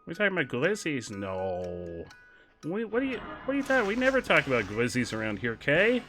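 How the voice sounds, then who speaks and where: Bright-voiced young male streamer. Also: mid-range voice, huge pitch swings, faint music behind. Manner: joking, quick shifts between loud outbursts and mumbling. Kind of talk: livestream gameplay commentary.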